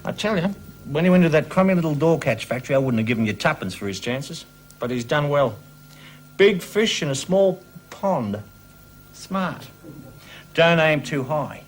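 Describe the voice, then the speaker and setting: A man's voice: on the high side, lively intonation, moderate pace, pauses often, close to an everyday voice. An actor with an Australian accent playing a joking middle-aged uncle and wheeler-dealer who laughs through his brash banter. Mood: chatty.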